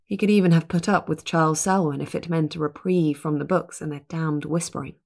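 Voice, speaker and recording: Woman audiobook narrator, low and creaky, measured. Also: steady tone, a little mellow. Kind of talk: scripted narration.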